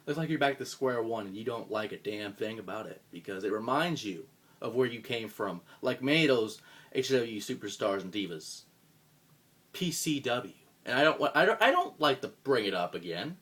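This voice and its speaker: A man cutting a scripted wrestling promo as a roleplayer, profane and contemptuous, swinging from low mutters to loud outbursts. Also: animated, normal speed.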